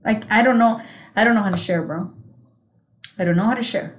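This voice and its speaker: A woman's voice: mid-range voice, brisk. A woman co-hosting a podcast in casual chat, blunt and profane, calling people bro. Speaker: podcast co-host.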